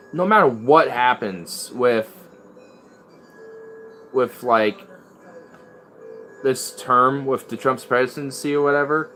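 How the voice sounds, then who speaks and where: A man's voice: medium pitch, a bit bright, slight background noise. Rambling, casual young-sounding man. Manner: rambling, swears freely. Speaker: streamer playing guitar. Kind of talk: casual chat.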